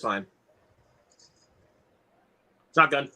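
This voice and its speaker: A man hosting a casual movie watch-along, reacting excitably and swearing now and then. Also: medium pitch, moderate pace, pauses often. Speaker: host.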